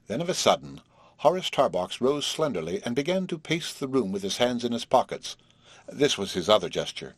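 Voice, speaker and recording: A man narrating a classic short story as an audiobook, with a husky voice and measured, expressive delivery. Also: lowish voice, no room sound.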